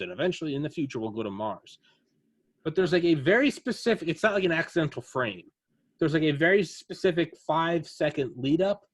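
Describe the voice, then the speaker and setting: A man chatting casually as a podcast co-host, telling a rambling, animated story full of fillers. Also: fairly high pitch. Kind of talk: casual chat.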